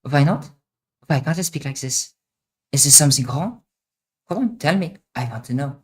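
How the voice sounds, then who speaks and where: A woman streamer voicing a menacing female villain who threatens slowly and teasingly. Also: sits low, expressive, darkish tone. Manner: slow, taunting, intimidating.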